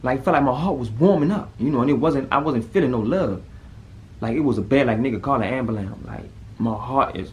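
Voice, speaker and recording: A man tells a personal story straight to camera. His delivery is casual and animated, and his voice jumps sharply higher when he acts out moments of panic. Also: quick pace. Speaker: vlogger telling a personal story.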